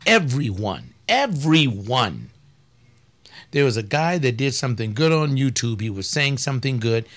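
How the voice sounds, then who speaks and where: A man who is a pastor and talk host speaks in a blunt, folksy way, like casual preaching. His voice sits at an ordinary middle pitch. He leans hard on key words and stretches them out for emphasis. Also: fairly bright tone.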